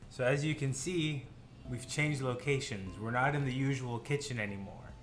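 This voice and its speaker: A man's voice: medium pitch, normal speed. A young man hosting a casual home cooking vlog, talking loosely with stumbling restarts and bursts of swearing. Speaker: cooking show host. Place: home kitchen. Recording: roomy kitchen echo, faint background music.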